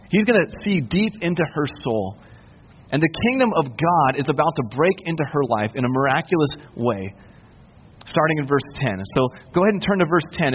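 A man preaching a sermon, explaining scripture in a relaxed, conversational way and retelling the story in everyday words. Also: fairly high pitch, a little hiss or hum. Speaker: pastor. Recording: roomy reverb, muffled lo-fi sound.

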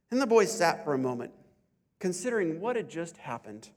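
A man preaching at a Sunday church service with a fairly high voice. He speaks deliberately, drawing out his key questions and stressing points slowly. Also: sing-song. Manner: deliberate, slows down for emphasis. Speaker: pastor. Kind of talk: sermon.

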